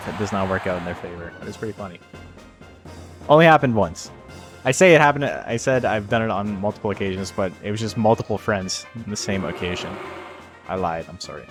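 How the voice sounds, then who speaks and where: A man hosting a live stream of a game tournament. He rambles casually, jokes and swears freely between calls of the action. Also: fairly low pitch. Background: faint background music.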